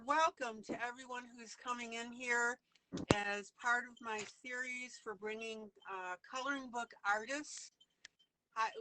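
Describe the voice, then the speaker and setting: A woman's voice: a little high, pushed and bright, a little hiss or hum, low-quality recording. A woman hosting a live online stream, chatty and greeting her viewers by name on a video call. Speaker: host of a live coloring stream. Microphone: webcam or computer mic on a video call.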